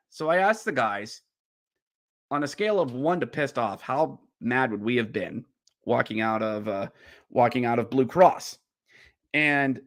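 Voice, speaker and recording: A man hosting a podcast, recapping a hockey game as a fan, getting riled up and yelling during the play-by-play. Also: mid-range voice. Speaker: podcast host.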